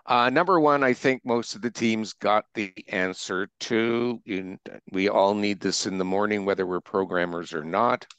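Older man, low smooth voice, dry close sound, wry punning quizmaster. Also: moderate pace, few pauses, a bit bright, no room sound. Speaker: trivia round host. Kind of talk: casual quiz answer run-through with puns.

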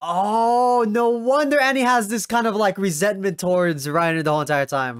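A young man giving casual reaction commentary while watching an anime episode. He swears often and breaks into loud, excited yells. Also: high-pitched, moderate pace, clear, resonant tone, no echo, studio quality.

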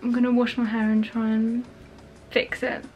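Young woman vlogger, chatty and frank, a touch high, light music under her. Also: little pitch movement, moderate pace, lo-fi sound. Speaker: beauty vlogger. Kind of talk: casual vlog chat.

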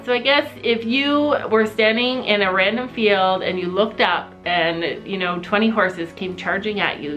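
A young woman vlogger telling a funny family story in a lively, casual way, often laughing and acting out shouted quotes. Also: medium pitch, rough recording.

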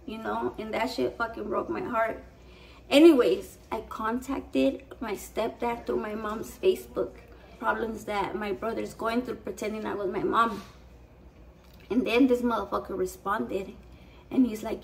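A woman's voice: fairly high pitch, steady tone, normal speed, vocal fry, distant mic, low-quality recording. A young woman telling a rambling, profane story in a casual vlog, slipping into Spanish. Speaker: vlogger.

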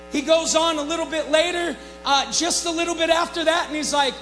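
High voiced guy preaching, goes quiet then shouts, low hum in the church. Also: steady tone, brisk, hardly any pauses, faint music behind, low-quality recording. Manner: preaching with dramatic swings from soft to shouted. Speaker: pastor. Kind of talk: sermon.

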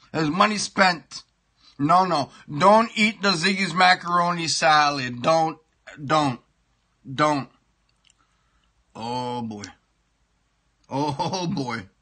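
A middle-aged man rants on his comedy sports show, cursing and repeating himself while he chews. His voice is raised and piercingly bright, with a husky grain. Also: fairly high pitch. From Toronto, Canada. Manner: profane, ranting, repeats himself; talks while eating pie. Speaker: show host. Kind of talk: comic sports rant.

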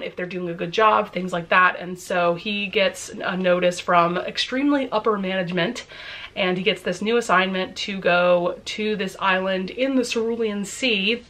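A woman's voice: mid-range voice, bright, forceful tone. A young woman vlogging at home about books she loves, chatty and gushing, often laughing as she talks. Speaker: book vlogger. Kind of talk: casual reading vlog chat.

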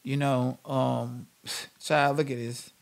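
A man's voice: mid-range voice, little pitch movement, slow pace, gravelly. A man hosting a live-stream commentary channel, ranting in a blunt, sassy, emphatic way.

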